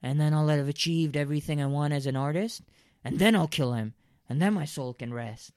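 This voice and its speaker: A man improvising a comedy scene with a slightly higher voice that keeps jumping into shrill, excited yelps. The sound is close and dry, with no room around it. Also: brisk, dry recording. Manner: excitable, swings to shrill high-pitched outbursts. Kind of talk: improv comedy role-play.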